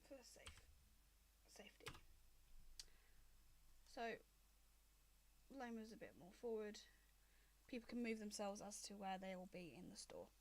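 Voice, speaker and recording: A woman narrating as game master of a tabletop game in a relaxed, chatty way. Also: medium pitch, a little slow, pauses often, noisy background.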